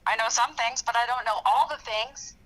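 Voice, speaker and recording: A woman's voice: fairly high pitch, moderate pace, fairly bright tone, rough recording. A woman calling in to a livestream show, chatting in a playful, teasing way. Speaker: caller. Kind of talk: casual chat.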